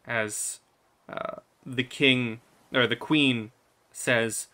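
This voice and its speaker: Man narrating a tabletop game, bright tone, mid pitch, descriptive. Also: fairly even intonation, drawn-out words. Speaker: game master.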